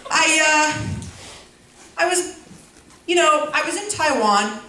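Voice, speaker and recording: Speaking slowly but animatedly in a high voice, a young stand-up comic rambles through her jokes with plenty of fillers and self-deprecating asides. The laughing crowd fills a school auditorium, captured from far off in the echoey hall against a noisy background.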